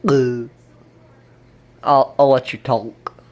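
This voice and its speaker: A woman casually acting out a play with toy bird figures, in a playful, lively manner. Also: extremely low pitch, drawn-out words.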